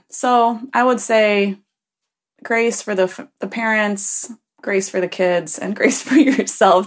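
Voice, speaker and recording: A woman who is a parent leaves a rambling message for a podcast, telling a funny story with many ums and chuckles. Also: fairly low pitch. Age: adult parent. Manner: rambling, full of ums and self-corrections. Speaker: listener leaving a message for a podcast. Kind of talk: casual anecdote.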